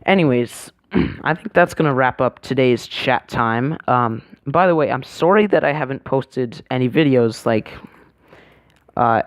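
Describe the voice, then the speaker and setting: A man's voice: medium pitch, a little slow, no room sound, clean studio sound. Rambling young guy telling a story. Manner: rambling, hesitant, full of fillers and self-corrections. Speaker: vlogger. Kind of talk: casual storytelling vlog.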